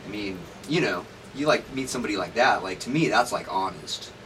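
A man's voice: fairly low pitch, animated, brisk. A man interviewing a guest in a hesitant, reassuring way, with many fillers. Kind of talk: conversational interview. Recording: distant mic with noisy background.

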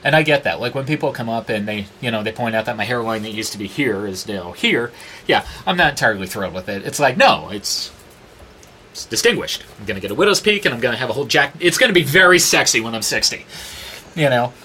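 Bright-voiced, profane male storyteller. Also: mid-range voice, quick pace, slight background noise. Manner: profane, animated, acts out quoted dialogue. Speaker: interview guest. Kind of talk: candid storytelling conversation.

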